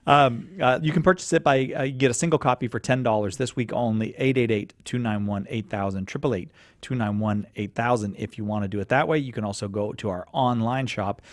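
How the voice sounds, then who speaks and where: A man's voice: mid-range voice, fairly quick, few pauses, no echo. A man hosting a live call-in radio show, talking casually, stumbling over his words and laughing at himself.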